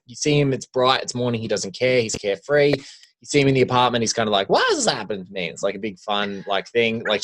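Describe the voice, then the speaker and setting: Animated man chatting about films. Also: medium pitch. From Virgin Islands. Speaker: podcast co-host. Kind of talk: casual film chat.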